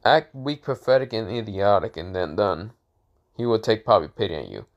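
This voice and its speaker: A man's voice: fairly low pitch, animated, a little fast, muffled recording. A man voicing a bored, rude teenage boy assassin who answers in a dismissive, sarcastic way and swears.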